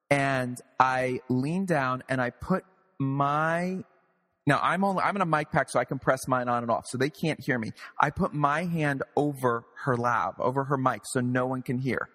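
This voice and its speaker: A man who is a playwright and director, guest in a casual interview, telling lively anecdotes with some swearing and acting out other people's lines. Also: medium pitch, moderate pace, in a large hall. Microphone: video call.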